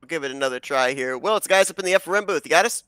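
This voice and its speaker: Smooth, bright-voiced race commentator. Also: male voice, on the high side, expressive, racing, dry recording. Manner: smooth, upbeat broadcaster patter. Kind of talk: race broadcast interview.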